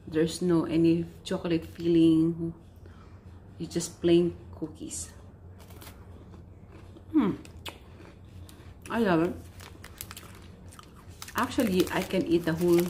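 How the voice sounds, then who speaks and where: A woman vlogger chatting casually while she tastes snacks, unhurried and talking between bites. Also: on the low side, fairly even intonation, dark tone, a little hiss or hum. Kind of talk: casual food-tasting vlog.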